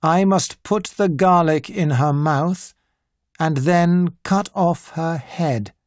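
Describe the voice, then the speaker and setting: A grave older doctor who hunts vampires, as a slow audiobook reader puts him on. He speaks in a calm, measured way with very unhurried pacing, and the recording is dry and close. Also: mid-range voice, dry recording, lightly acted. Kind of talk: audiobook character voice.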